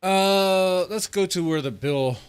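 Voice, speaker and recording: A man's voice: high-pitched, takes it slowly, smooth, dry recording. A man ranting in heated, profane political commentary, swearing often and reading articles aloud between outbursts.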